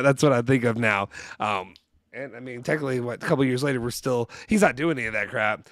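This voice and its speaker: A man from Louisville, Kentucky co-hosts a casual football podcast from his home basement, speaking at a quick pace in a mid-range, fairly bright voice. He rambles with plenty of fillers and restarts, wandering off on tangents. The studio sound is clean, with no echo.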